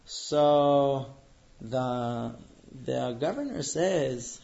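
A man telling a traditional religious tale in a relaxed way, pausing on fillers. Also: mid-range voice. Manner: relaxed, with frequent fillers and restarts. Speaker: storyteller. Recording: dull lo-fi recording.

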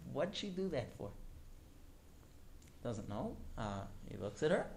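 A male teacher telling a story to his class in an animated way, often turning to ask the students directly. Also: mid-range voice, measured pace, gravelly.

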